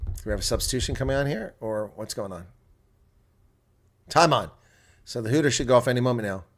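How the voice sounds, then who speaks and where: Man shouting excited rugby play-by-play. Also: mid-range voice, a little fast. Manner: erupts into loud excited shouts at big plays, then settles into chatty talk; casual, rambling, reads viewer comments. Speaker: live reaction commentator. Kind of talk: live play-by-play and color commentary.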